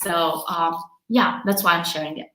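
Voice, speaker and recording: A woman's voice: fairly low pitch, steady tone, normal speed, sharp tone, echoey room, rough recording. A woman with an accent hosting a live motivational coaching stream from home, talking candidly and emotionally and laughing often. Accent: non-native accent. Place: at home during quarantine.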